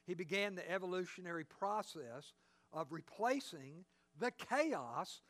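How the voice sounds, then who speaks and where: A man's voice: high-pitched, animated, a little slow, a bit bright. A man preaching a sermon, emphatic and driving his points home with repeated rhetorical questions.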